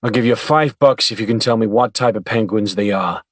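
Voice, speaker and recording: Male narrator doing a towering gentle bruiser, playful. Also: on the low side, a little fast, dry recording, studio quality, lightly acted. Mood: amiable, teasing. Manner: friendly, playful questioning. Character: big battered gentle man, deep-voiced, amiable.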